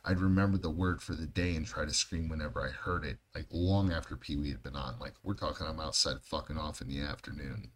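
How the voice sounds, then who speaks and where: A man's voice: a bass voice, fairly quick, few pauses, fairly bright tone. A man co-hosting a podcast, telling rambling stories in casual chat, swearing heavily and laughing often. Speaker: podcast co-host.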